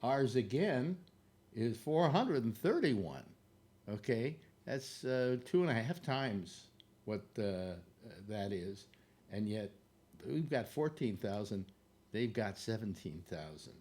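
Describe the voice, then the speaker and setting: Hosting a casual livestream from home, this man rambles and jokes over a map, out of breath and stumbling on fillers. His mid-range voice is very animated, slow, and slightly mellow.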